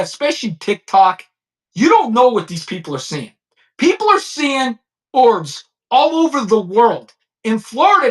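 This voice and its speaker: A man's voice: extremely high pitch, fairly bright tone. A man, a former police chief, ranting blunt and profane commentary straight to his viewers.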